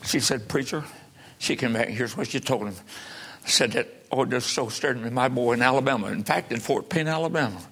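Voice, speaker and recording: A man preaching a revival sermon, impassioned, swinging from low pleading to shouted peaks. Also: a little fast, slightly rough.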